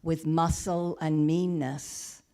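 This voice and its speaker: A woman minister retelling a story in a sermon, gentle and halting, with frequent restarts. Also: deep voice, little pitch movement, clear, resonant tone. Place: church or spiritual center.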